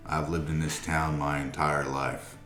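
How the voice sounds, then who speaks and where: A man voicing an older townsman speaking calmly and with dignity. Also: rumbling low, measured pace, echoey room, soft background music. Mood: resigned.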